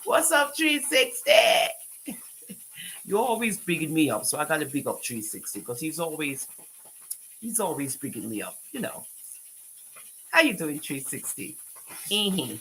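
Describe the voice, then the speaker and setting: A woman's voice: low-pitched, sing-song, measured pace, long pauses, a bit bright, slight background noise, poor audio. A woman with a Jamaican accent doing a live-stream commentary, scolding people and talking back to her chat with patois phrases mixed in.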